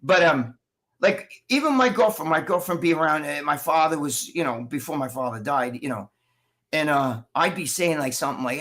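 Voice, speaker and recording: A man chatting casually on a livestream, telling animated, profanity-laced stories as co-host over a video call. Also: on the high side, a little fast. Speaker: show co-host.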